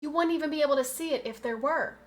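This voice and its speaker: A woman in her twenties with a high voice talks fast while chatting casually on a livestream, reading out and answering chat and laughing often.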